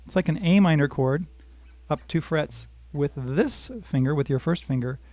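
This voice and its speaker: This older man's voice sits on the high side, at normal speed and with no echo. He's a guitar teacher giving a lesson on a livestream, talking through chords and strum patterns, addressing viewers by name, and softly singing lines while his guitar plays underneath.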